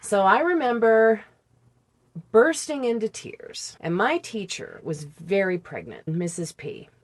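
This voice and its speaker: A woman in her forties, a podcast guest, telling a personal story in conversation with candid, halting recollections. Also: medium pitch, big pitch swings.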